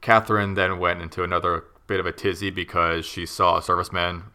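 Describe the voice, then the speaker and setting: A man's voice: low voice, level tone, fast talker, pushed and bright, smooth. A man casually recounting a true crime story to a co-host, rambling with many fillers and wry asides.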